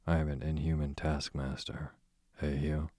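A man voicing a smooth, sarcastic aristocratic duke with a dry, drawling manner. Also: very deep voice, little pitch movement, normal speed, mellow, no echo. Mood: sardonic. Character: sardonic aristocratic male duke, languid and smooth.

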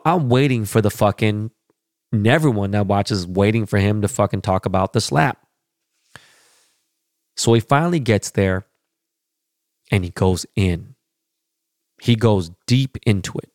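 Dude ranting on his podcast, low gravelly voice, swears a lot, dry close sound. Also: darkish tone, no room sound. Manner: profane, rambling, blunt opinions. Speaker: podcast host. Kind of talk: casual chat.

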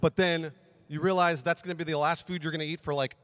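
A man playing in an improv comedy show, rushing through gross-out answers. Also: a little high, flat delivery, heavy background noise. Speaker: improv player.

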